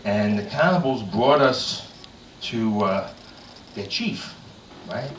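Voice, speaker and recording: A man's voice: on the low side, expressive, takes it slowly, a little hiss or hum. A man doing a bawdy stand-up set in a comedy club, telling dirty jokes with lots of "I said, he said.". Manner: crude, bawdy joke-telling with frequent "I said, he said". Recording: echoey room, mic far off.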